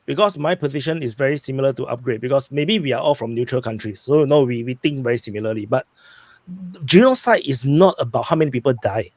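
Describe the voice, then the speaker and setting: A man's voice: mid-range voice, lively intonation, quick pace, a little mellow, dry recording. A man in an online panel discussion who explains his point step by step and insists on being heard. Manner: explanatory, insists on getting the floor. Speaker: panel participant.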